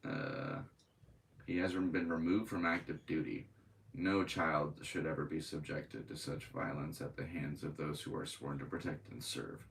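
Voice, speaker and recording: A man's voice: rumbling low, unhurried, gravelly, fairly bright tone, far from the mic, poor audio. A man hosting a podcast, reading news aloud and breaking into profane, angry commentary. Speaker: podcast host.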